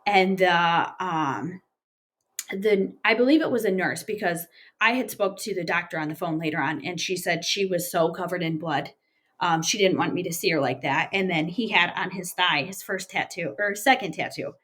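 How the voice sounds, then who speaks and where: Woman recounting a hard story, halting. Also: lowish voice, a bit bright. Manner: plain, halting retelling with frequent fillers. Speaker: interview guest. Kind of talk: personal storytelling interview.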